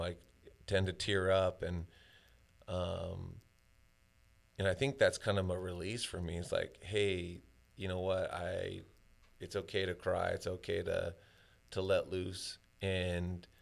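A man talking in a casual conversation, halting and full of fillers as he shares personal stories. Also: low-pitched, creaky.

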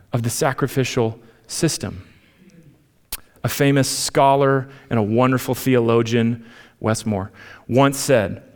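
A man, preaching a sermon as pastor, animated in his storytelling and dropping to near whispers for emphasis. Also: mid-range voice.

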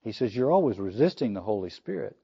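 A man's voice: on the low side, very animated, fast talker, vocal fry, breathy edge, highs cut off. A man preaching a sermon on scripture, earnest and emphatic, rising sharply when he quotes.

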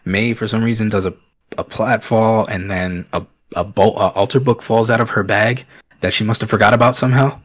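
A man's voice: lowish voice, steady tone, fairly quick, a bit bright, muffled recording. A man co-hosting a casual podcast, rambling and griping through an episode recap. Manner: griping, rambling with fillers and laughs. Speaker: podcast co-host. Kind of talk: casual chat recapping a TV show.

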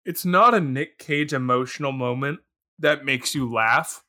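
A man co-hosting a casual movie podcast, animated and quick to laugh, talking with lots of filler words. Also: medium pitch. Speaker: podcast co-host. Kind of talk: casual movie review chat.

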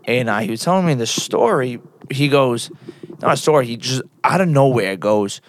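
A man's voice: medium pitch, expressive, normal speed, a little hiss or hum. A young man co-hosting a podcast, rambling through crude stories with lots of swearing and laughter. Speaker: podcast co-host. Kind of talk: casual crude chat.

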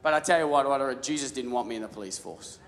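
Stammering pastor in a big hall. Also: male voice, mid-range voice, animated, fast talker. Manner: casual storytelling with many restarts and stammered repeats. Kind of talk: sermon. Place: large church hall. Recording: live sermon with long hall reverb.

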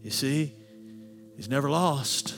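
A man preaching a sermon with animated delivery, sometimes acting out quoted voices. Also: mid-range voice, takes it slowly. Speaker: pastor. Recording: long hall reverb with faint music.

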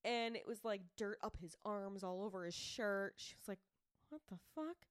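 A young woman co-hosting a podcast casually retells a true-crime story as a chatty storyteller, saying "like" constantly. Her medium-pitched voice has fairly even intonation and a moderate pace, recorded cleanly in a studio with no room sound.

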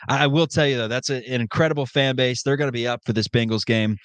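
A man co-hosting a casual sports podcast, talking in an animated, joking way with quick asides. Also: mid-range voice, no room sound. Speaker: podcast co-host.

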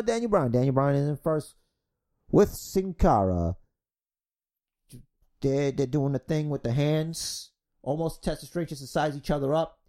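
A male podcast host who talks fast and crude, calling made-up wrestling action with big swings in his voice. He sits a little high for a man, animated and loud-mouthed. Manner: energetic, crude, fast-talking. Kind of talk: mock wrestling play-by-play and casual chat.

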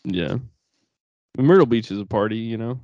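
Young male podcast co-host, low-pitched, rambling and profane, dry close mic. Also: lively intonation, normal speed, warm tone, no room sound, dull audio. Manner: rambling, profane, laughs through stories. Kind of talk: casual chat.

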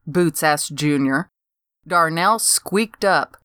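A woman's voice: fairly low pitch, takes it slowly, fairly bright tone, clean tone, no echo. An older woman reading a first-person story aloud with dry, wry humor. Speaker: narrator.

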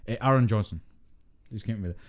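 A man's voice: on the low side, fast. A Scottish man co-hosting a podcast, chatting casually and swearing bluntly. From Scotland. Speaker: podcast co-host. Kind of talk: casual chat.

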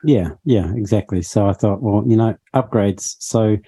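A man guesting on a radio show as a tech commentator, joking at his own expense and pausing often with ums. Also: lowish voice, warm tone, slightly rough. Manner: self-mocking, hesitant with many ums. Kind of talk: radio chat. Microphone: cheap desktop microphone.

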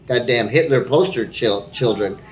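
A man's voice: mid-range voice, moderate pace, low-quality recording. A man in his forties co-hosting a casual podcast, joking and swearing freely. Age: 40s. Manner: joking, profane, laughs a lot. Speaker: podcast co-host.

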